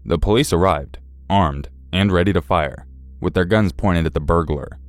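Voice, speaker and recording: A man's voice: low-pitched, moderate pace, no room sound. A man telling a first-person horror story in a tense, dramatic storytelling manner. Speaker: narrator. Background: faint music.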